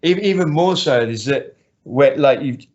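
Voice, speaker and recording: A man coaching martial arts talks things through in an earnest, rambling way, doubling back on his words. His voice sits at an ordinary middle pitch. The recording is a bit dull and lo-fi. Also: lively intonation, normal speed, a little mellow. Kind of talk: casual interview talk. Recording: slightly muffled lo-fi recording.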